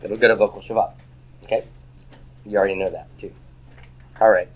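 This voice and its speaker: A man teaching a Hebrew grammar class in a classroom, lecturing and firing quick rhetorical questions at the students. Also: fairly low pitch, fairly even intonation, highs cut off.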